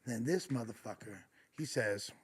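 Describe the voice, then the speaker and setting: A man telling a long story as a podcast guest, profane, rambling and animated. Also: mid-range voice, normal speed, breathy edge. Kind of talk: casual storytelling.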